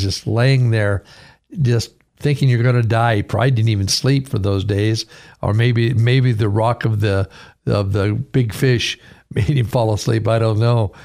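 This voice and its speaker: A man's voice: lowish voice, gravelly, a little mellow. A man, a pastor and radio host, preaching earnestly and reading scripture aloud in a radio sermon.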